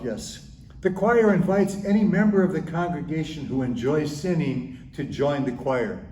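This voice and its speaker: A man's voice: medium pitch, darkish tone. A man, a pastor, telling church jokes as a chuckling storyteller. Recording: roomy, distant mic, faint hiss.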